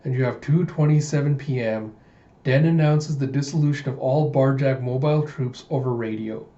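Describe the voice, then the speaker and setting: A man's voice: medium pitch, normal speed, warm tone, roomy sound, highs cut off. A man casually recapping a manga chapter by chapter in a chatty, enthusiastic storytelling manner. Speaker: manga read-through host.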